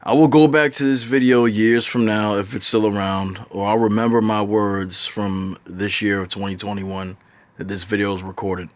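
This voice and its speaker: A man's voice: lowish voice, steady tone, moderate pace. A man giving blunt, profane, opinionated reaction commentary in a ranting manner. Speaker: commentary vlogger.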